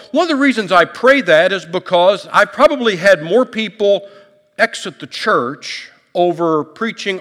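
A man's voice: high-pitched, fairly bright tone, big-room sound. A male pastor preaching a sermon in a conversational, folksy way, with light humor and frequent restarts. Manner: repeats words and restarts often.

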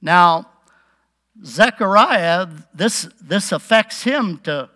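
A man preaching a relaxed Bible-teaching sermon, chuckling now and then and acting out the quotes. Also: high voice, drawn-out words.

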